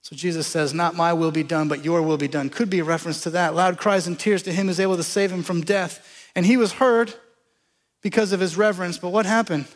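High-voiced preacher in a reverberant hall. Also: male voice. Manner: conversational preaching, rhetorical questions to the congregation. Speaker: pastor. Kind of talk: sermon.

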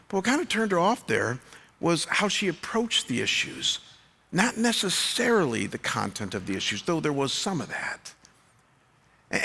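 Male pastor, middle-aged, slightly high bright voice, chatty sermon with stammered restarts. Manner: conversational storytelling with frequent stammered restarts.

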